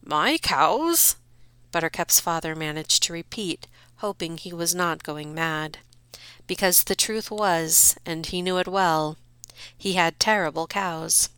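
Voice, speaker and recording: Woman narrator, low and gravelly, wry storybook reading, dry close mic. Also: steady tone, a little slow, fairly bright tone, no room sound.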